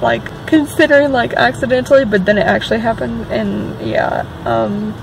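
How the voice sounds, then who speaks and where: A woman's voice: on the high side, normal speed, creaky. Rambling woman vlogging from a noisy car. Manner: rambling and excitable, many "like" fillers. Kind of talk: casual chatty vlog. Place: parked car outside a store. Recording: car and air-conditioning noise.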